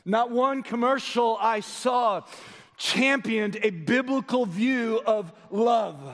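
High-voiced male preacher in a reverberant hall. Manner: preaching with rhetorical questions, swinging from loud emphasis to low quiet delivery. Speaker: pastor. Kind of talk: sermon.

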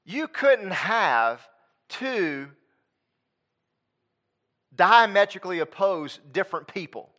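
Emphatic preacher, man with a higher voice. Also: bright, forceful tone. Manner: emphatic, repetitive preaching cadence. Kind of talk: sermon.

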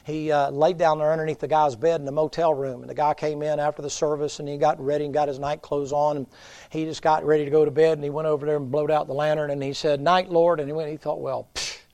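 A middle-aged man preaching a revival sermon, folksy and storytelling, swinging from loud to hushed. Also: on the high side, little pitch movement, fast talker. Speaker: pastor.

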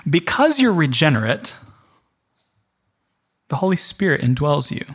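This man's voice sits a little high, with a husky, sing-song quality and an unhurried pace. He teaches a church class conversationally, speaking directly to the people in the room as he tells a vivid everyday story in the second person.

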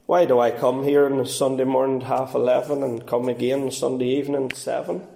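A man preaching a fervent sermon as pastor, swinging between quiet and raised passages. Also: medium pitch, little pitch movement, fairly quick, creaky, roomy sound. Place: church.

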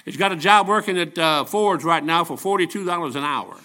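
A man's voice: a little high, a little fast, bright, forceful tone. A man of seventy preaching a folksy, joking sermon full of personal stories. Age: 70s. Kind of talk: storytelling sermon.

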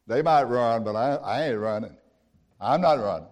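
A man's voice: mid-range voice, normal speed, darkish tone. A man preaching a sermon, telling stories in a folksy, conversational way with rhetorical questions. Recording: long hall reverb.

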